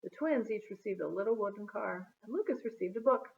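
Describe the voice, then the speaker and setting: Woman reading children's book aloud, expressive storytelling, lively pitch, narrow phone-like audio. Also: brisk, vocal fry. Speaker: storybook reader.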